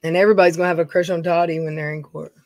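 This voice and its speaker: A woman's voice: on the low side, level tone, racing, dry recording. A middle-aged woman, chatting casually on a home live stream, reading viewer names and talking in a folksy way. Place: dim room at home.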